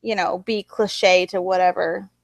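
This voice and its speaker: A woman's voice: fairly low pitch, fairly even intonation, unhurried, gravelly, no echo. A woman in casual chat about writing, rambling with lots of fillers. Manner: rambling, many fillers like "like" and "you know".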